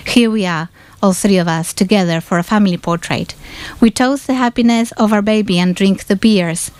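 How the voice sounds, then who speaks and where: Woman giving a measured literary reading. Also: medium pitch, darkish tone, dry recording. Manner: measured, deliberate first-person reading. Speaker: reader of a novel excerpt. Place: bookshop event.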